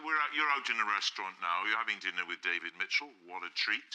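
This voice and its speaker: A man hosting a panel show in a brisk, teasing way. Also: on the low side, expressive, pushed and bright, smooth, poor audio. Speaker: host.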